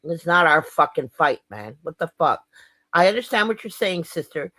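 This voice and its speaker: A woman sounds off in a fired-up spoken-word rant, swearing freely and pressing each point hard. Her pitch leaps and swoops all over the place, and the recording sounds dry and close. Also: sing-song, normal speed, a bit bright, dry recording. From Canada. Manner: profane, fired-up and emphatic. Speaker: vlogger.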